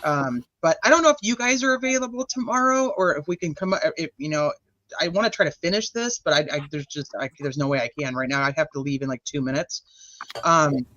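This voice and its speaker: A man hosting a true crime live stream, chatting casually with guests and sending warm thanks to viewers over a video call. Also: fairly high pitch, a little fast, no room sound. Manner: chatty, rambling, affectionate sign-offs. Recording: dull dry lo-fi sound.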